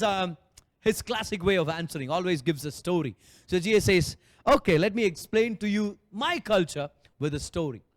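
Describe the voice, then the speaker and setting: A male pastor preaching a sermon, retelling a parable with animated storytelling and acted-out quotes. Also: extremely high pitch.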